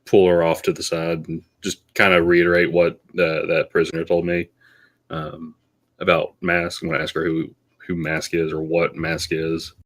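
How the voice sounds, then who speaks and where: Very deep-voiced man player. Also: completely flat delivery, normal speed. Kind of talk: casual tabletop play.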